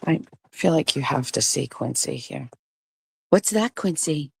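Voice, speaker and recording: A woman in her forties chatting casually to camera, slipping into a high cooing voice for her dogs. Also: animated, a little slow, gravelly, breathy edge, no echo. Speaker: vlogger. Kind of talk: casual vlog chat.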